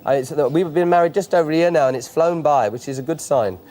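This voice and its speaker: A man's voice: fairly high pitch, fast talker, a little mellow, a little hiss or hum. A man answering a caller politely and chattily on a 1980s TV show archive clip.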